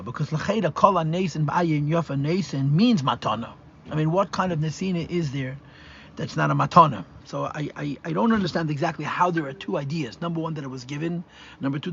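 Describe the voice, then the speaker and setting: A rabbi teaches a live Torah class in a slightly high, brisk, creaky voice with a bit of brightness and a little hiss or hum. He explains step by step, mixes in Hebrew and Yiddish terms, and restarts as he thinks aloud, all on a dull lo-fi live class recording.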